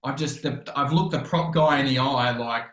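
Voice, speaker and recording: An Australian actor telling stories casually, rambling with many fillers and acting out quoted lines. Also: male voice, medium pitch, moderate pace, fairly bright tone. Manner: chatty, rambling, full of fillers and acted-out quotes. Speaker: actor and interview guest. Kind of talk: casual storytelling interview. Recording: echoey room.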